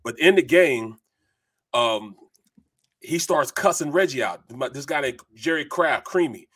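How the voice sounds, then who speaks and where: A middle-aged man, a former football lineman co-hosting a sports talk show, telling animated, rambling stories full of fillers. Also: mid-range voice, unhurried, breathy edge.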